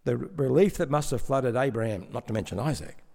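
A man preaching a sermon in a measured, explanatory way, with some stammering restarts. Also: mid-range voice, lively intonation, gravelly, a little mellow. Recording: long hall reverb.

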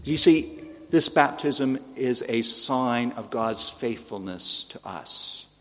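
A man's voice: medium pitch, animated, takes it slowly, a bit bright, long reverb tail. A man preaching a sermon in an earnest, pleading way, asking the listeners rhetorical questions. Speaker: pastor.

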